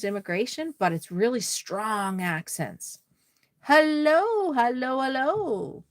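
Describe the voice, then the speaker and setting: A woman's voice: on the low side, dry recording, studio quality. A woman with a Nova Scotian accent hosting a casual craft livestream, chatting with viewers and laughing often. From Nova Scotia, Canada. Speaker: doll-crafting livestream host. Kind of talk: casual livestream chat, reading viewer comments.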